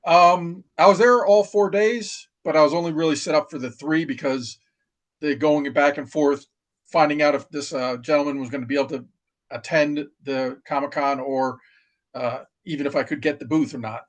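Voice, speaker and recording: A middle-aged retired Marine from New York, telling stories in casual chat with plenty of fillers and restarts. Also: male voice, fairly high pitch, steady tone, normal speed. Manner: rambling, many restarts and fillers. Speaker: podcast guest, retired Marine. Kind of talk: casual storytelling.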